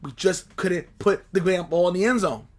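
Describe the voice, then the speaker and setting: Podcast co-host, man, high-pitched, animated and frustrated, repeats lines. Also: moderate pace. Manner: animated, exasperated, repeats himself. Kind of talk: casual fan chat.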